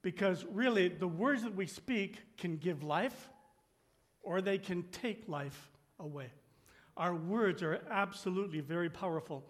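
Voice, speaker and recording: A man preaching a sermon as pastor, slowing down and dropping to a hush on key phrases, and raising his voice to act out complaints. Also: lively intonation. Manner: acts out complaining voices with rising pitch.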